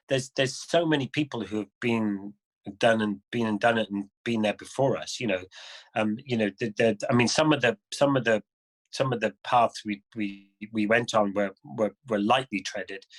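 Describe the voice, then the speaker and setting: Lower-voiced man telling road stories. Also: moderate pace, rough recording. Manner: animated, acts out other people's lines in the stories he tells. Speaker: guest adventure motorcyclist. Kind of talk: casual conversational storytelling.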